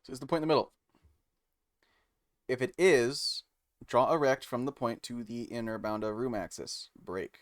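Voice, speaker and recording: A man streaming live, reading code aloud and musing to chat with many pauses and fillers. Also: mid-range voice. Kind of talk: casual live-stream chat while coding.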